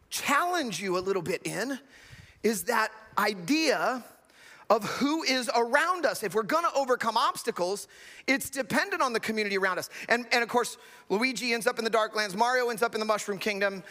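A man's voice: extremely high pitch, lively intonation, normal speed, pushed and bright, big-room sound. A man preaching a sermon, with earnest, emphatic storytelling. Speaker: pastor.

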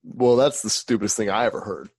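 A man's voice: fairly low pitch, fast, darkish tone, husky, dry recording. A young man co-hosting a casual sports podcast, reacting with emphatic disbelief and strong opinions. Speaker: podcast co-host.

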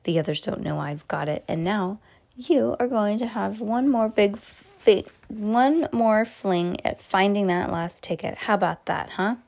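A woman reading the part of an excitable, sly old grandfather in a whispery, eager voice. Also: medium pitch, a little slow, creaky.

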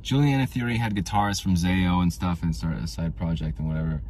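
A man hosting his own podcast, telling rambling, tangent-filled stories in a casual way, with audible vocal fry. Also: deep voice, steady tone, fairly quick, darkish tone, a little hiss or hum. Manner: rambling, tangent-prone storytelling. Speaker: podcast host.

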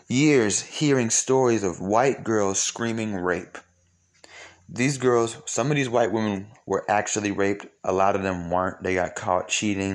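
Man, slightly low voice, blunt, profane, rambling commentary, rhetorical questions. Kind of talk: opinionated monologue to listeners.

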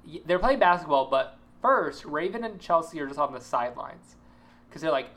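A woman's voice: low-pitched, normal speed. Woman retelling scenes with laughs. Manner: animated retelling, laughs, restarts and fillers. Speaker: podcast co-host. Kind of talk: casual chat recapping a TV episode.

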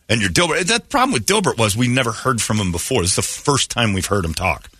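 A man's voice: medium pitch, sing-song, fast talker, bright, forceful tone, breathy edge, dry recording, clean studio sound. A man in his fifties hosting a talk show, joking loosely and laughing often as he banters. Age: 50s. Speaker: radio show host.

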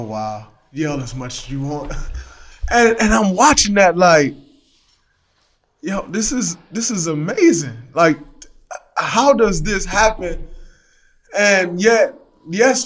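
Lively storytelling man, fairly high voice. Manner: animated storytelling, acts out his own shouts. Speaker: guest, pro athlete. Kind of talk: casual chat.

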